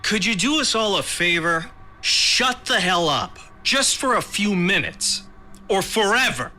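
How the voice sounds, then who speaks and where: A man's voice: on the high side, a little slow, creaky, sharp tone, slight background noise, voice pushed up, heavily acted. A man voicing the irritable narrator character, snarling and sardonic. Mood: sarcastic. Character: irritable, gruff first-person narrator character.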